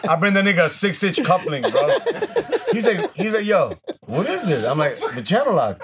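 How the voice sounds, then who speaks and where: A young man hosting a casual podcast, telling loud, profane, laughing stories. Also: high voice, very animated, normal speed, a crowd in the background. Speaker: podcast host. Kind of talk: casual chat, storytelling.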